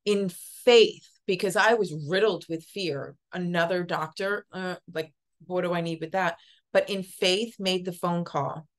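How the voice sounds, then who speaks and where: Lady guest telling her story, lower voice, earnest, keeps repeating herself. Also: steady tone. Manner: earnest, halting, with repeated words and fillers. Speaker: podcast guest, psychic Reiki master. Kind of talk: personal storytelling in an interview.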